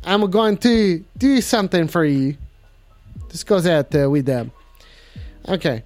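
A man's voice: a little high, unhurried, darkish tone, faint music behind. A man hosting a live call-in show in a clumsy put-on French accent, playful and rambling.

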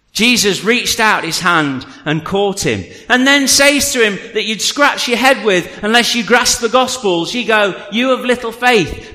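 A man preaching a sermon to a congregation, telling the story with animated energy and then dropping to a quiet, earnest appeal. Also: very high-pitched. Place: church hall. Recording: long reverb of a large hall.

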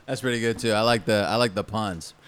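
A man's voice: fairly low pitch, fairly even intonation, a little fast, a bit bright, smooth. A young man co-hosting a podcast, blunt and casual, swearing freely. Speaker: podcast co-host.

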